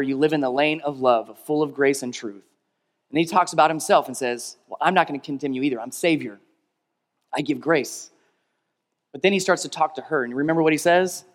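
A man preaching a sermon in a big church hall, his fairly high voice ringing out with a long reverb behind it. He leads the crowd to repeat phrases, climbing to loud emphatic peaks and then dropping to hushed, low lines. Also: brisk. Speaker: pastor.

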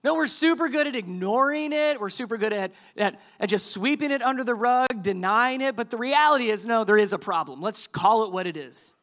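A middle-aged male pastor delivers a conversational sermon with a high, bright voice. He slips easily into acting out quoted lines and keeps his tone lively. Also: fairly quick, hardly any pauses. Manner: conversational, animated preaching with quoted dialogue.

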